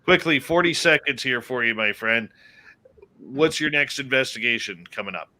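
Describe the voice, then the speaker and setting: Bright-voiced male radio host. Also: mid-range voice, animated, moderate pace. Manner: chatty, reads live chat aloud. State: tired, yawning. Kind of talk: casual radio chat.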